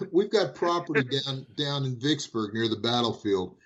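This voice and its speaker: Animated storytelling man, muffled sound. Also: medium pitch, moderate pace. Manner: animated, repeats and restarts phrases. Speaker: guest. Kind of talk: casual storytelling.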